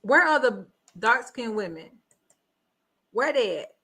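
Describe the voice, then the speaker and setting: Woman, reaction host; bright tone, blunt and incredulous, casual commentary. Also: a little high, expressive, slow pace, breathy edge. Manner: blunt, incredulous, repeats rhetorical questions. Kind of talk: casual live review commentary.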